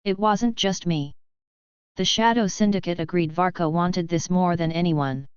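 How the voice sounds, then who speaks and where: A woman's voice: lowish voice, normal speed, clear, resonant tone, no room sound, lightly acted. A woman voicing a treacherous male Hutt crime boss in a storybook reading, speaking in a wheedling, pleading manner. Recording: slightly dull, dry sound.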